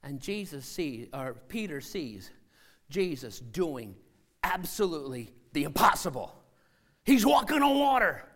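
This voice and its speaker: A man preaching a sermon as a missionary, acting out scenes and voices and swinging from shouting to hushed tones. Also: a little high, very animated, unhurried.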